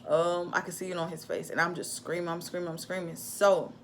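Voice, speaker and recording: A young woman casually telling a personal story to camera in an animated, chatty way. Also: fairly low pitch, brisk, noisy background. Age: young adult. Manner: animated, chatty, acts out her own shouts in quotes. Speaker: vlogger telling a birth story.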